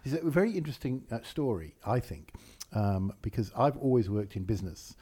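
Playful man, dark husky voice. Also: medium pitch, animated, brisk. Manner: playful, breaks into silly accents. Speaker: podcast co-host. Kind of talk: casual chat.

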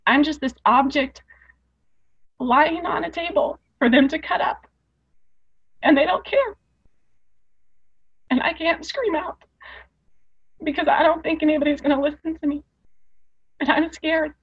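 With a high, steady voice, a woman speaks unhurriedly and leaves long pauses as she tells her own story as a podcast guest. Earnest and emotional, she builds in intensity and repeats phrases for emphasis, over dull lo-fi audio.

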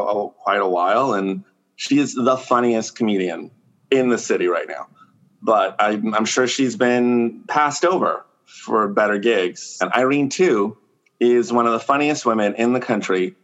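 A man chatting casually on a podcast as a comedian, acting out quoted lines in a higher voice. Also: dull audio. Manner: animated storyteller, acts out quotes in a raised pitch.

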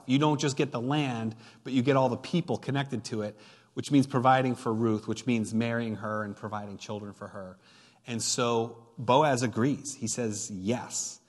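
A man's voice: mid-range voice, unhurried. A man preaching a sermon as pastor, retelling a story with playful asides and emphatic build-ups. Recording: long hall reverb.

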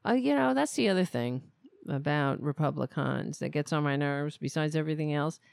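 A woman's voice: low voice, expressive, normal speed, gravelly, a little mellow, dry recording, clean studio sound. A woman hosting a podcast, giving sarcastic, mocking, profane political commentary. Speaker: podcast host.

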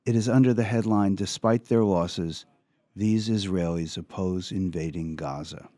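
A male radio talk show host, reading an opinion piece aloud with earnest, measured commentary and some halting restarts. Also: warm tone, no room sound, clean studio sound. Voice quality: low gravelly voice. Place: radio studio.

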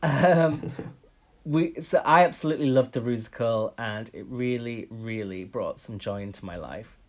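A man's voice: medium pitch, measured pace. A man co-hosting a podcast, chatting casually and opinionated, with frequent ums. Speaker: podcast co-host. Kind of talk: casual chat.

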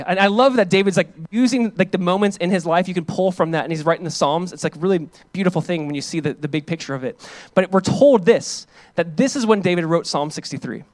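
A male pastor giving a sermon. He talks casually to the congregation and reads scripture aloud with loud, rising emphasis. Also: sits high, fast talker. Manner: calls on the congregation to join in.

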